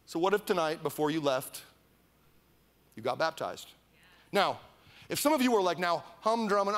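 A man from Iowa preaches a sermon in a fairly high, light voice. He is animated, drops into mocking whiny voices and calls on the crowd to repeat after him. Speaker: pastor. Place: church service.

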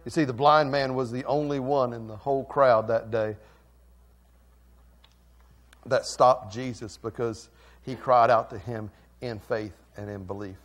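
A male pastor preaching a sermon, swinging from quiet, intimate lines to loud, fervent ones. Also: medium pitch, fairly even intonation, unhurried, long pauses. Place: church sanctuary.

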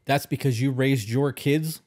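A man's voice: medium pitch, steady tone, a little slow, darkish tone. A man co-hosting a relationship podcast, talking bluntly with heavy swearing and getting worked up. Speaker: podcast co-host. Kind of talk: casual relationship podcast chat.

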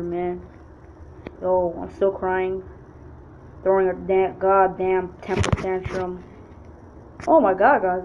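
A young woman giving casual, profane gameplay commentary as a YouTuber, excitable and full of slang. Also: on the high side, noisy background. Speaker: gaming YouTuber.

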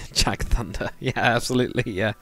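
A man's voice: mid-range voice, a little slow, bright, forceful tone, soft background music. A young man, chatting casually on a live stream while building in a game, rambling and reading viewer comments aloud.

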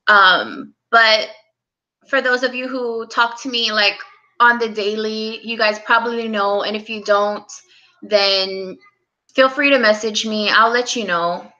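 A young woman hosting a casual live stream, speaking softly and close to tears as she greets viewers by name. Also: on the high side, a little slow, dull audio. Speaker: livestream host.

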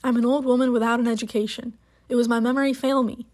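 A woman's voice: fairly high pitch, fairly even intonation, darkish tone, close to an everyday voice. A woman reading as a solemn, dignified old countrywoman. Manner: dialect speech, slow and stiff. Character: elderly rural woman, solemn, dignified, proud.

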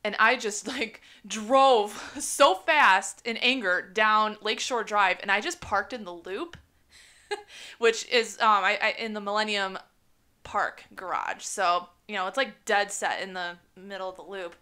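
A woman co-hosting a podcast, telling animated stories, acting out quotes and laughing often. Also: medium pitch, a little slow. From Chicago area. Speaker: podcast co-host. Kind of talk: casual podcast chat.

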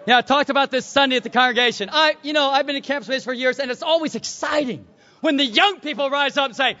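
A male preacher with a very high, bright, forceful voice, delivering a sermon as dramatic storytelling. He swings from shouts down to hushed tones. The recording sounds dull and lo-fi. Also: fast.

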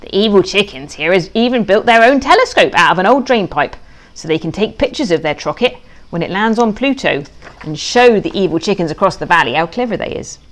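A woman reads her own children's diary-story aloud in a playful, childlike narrator voice. Her pitch leaps and swoops with delight, then drops low for secrets. She tells it with cheerful, deliberately broken grammar. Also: animated. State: tearful at moments. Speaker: author reading her own book.

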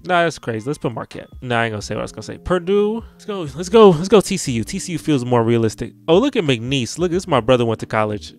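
Casual young guy from Houston, mid-range voice, offhand and rambling, thinking aloud over faint music. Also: mid-range voice. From Houston, Texas. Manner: rambling, offhand, repeats words while deciding. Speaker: sports YouTuber. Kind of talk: casual vlog, thinking aloud while filling out a bracket.

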